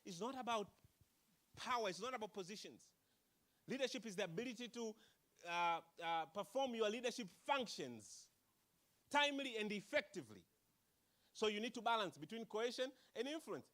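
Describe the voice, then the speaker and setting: High-voiced energetic male speaker. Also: normal speed. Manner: energetic, calls out to the crowd, asks questions. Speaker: motivational speaker. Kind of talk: live speech to a youth audience. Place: conference hall.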